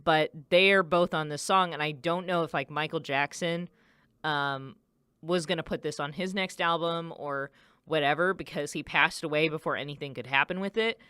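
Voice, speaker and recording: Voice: mid-range voice, bright, forceful tone, clear, resonant tone, dry recording. A radio DJ chatting casually, rambling with many fillers and self-corrections. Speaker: radio DJ host.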